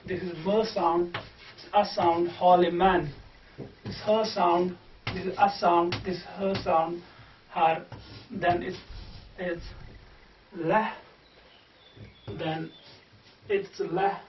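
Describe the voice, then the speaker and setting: A man teaching how to pronounce verse, spelling words out slowly sound by sound and repeating them. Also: sits high, level tone, slight background noise. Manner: slow, repetitive sound-by-sound spelling out. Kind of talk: explaining Persian verse pronunciation. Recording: distant, echoey, dull room recording.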